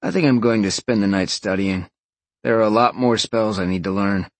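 A man's voice: fairly low pitch, moderate pace, dry recording, natural voice. Man voicing an easygoing young man.

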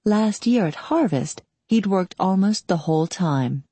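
A woman narrating an audiobook in a calm, steady storytelling manner. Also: medium pitch, a little slow, husky, no echo. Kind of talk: scripted narration.

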